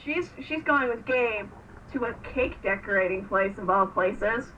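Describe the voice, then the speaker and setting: A woman's voice: mid-range voice, animated, unhurried, a bit bright, distant mic. A woman co-hosting a casual podcast, giggling as she retells a TV episode and acts out the characters' lines. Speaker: podcast co-host. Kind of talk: casual chat recapping a TV episode. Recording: dull lo-fi sound, faint hiss, a bit off-mic.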